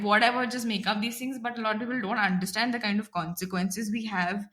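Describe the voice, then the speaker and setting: A woman's voice: medium pitch, steady tone, fast talker, few pauses, fairly bright tone. A woman with an Indian English accent, hosting a casual panel discussion and talking with frequent hesitations. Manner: hesitant, many restarts and fillers. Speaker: podcast host.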